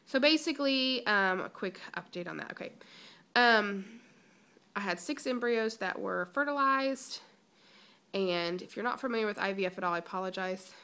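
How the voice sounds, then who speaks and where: A woman's voice: medium pitch, sharp tone. A young woman giving a chatty, emotional personal vlog update, holding back tears, with many ums and restarts. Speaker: vlogger.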